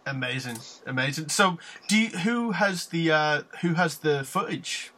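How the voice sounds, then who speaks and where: Bright-voiced enthusiastic male host. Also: a little high, expressive, measured pace, a little hiss or hum. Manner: eager, enthusiastic, many fillers. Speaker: podcast host. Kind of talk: casual interview.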